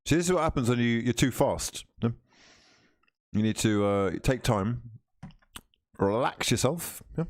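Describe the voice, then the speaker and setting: A man's voice: mid-range voice, lively intonation, a little slow, long pauses, no room sound, studio quality. A man hosting a casual football watch-along livestream, reading viewer comments aloud and teasing the chat. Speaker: livestream host.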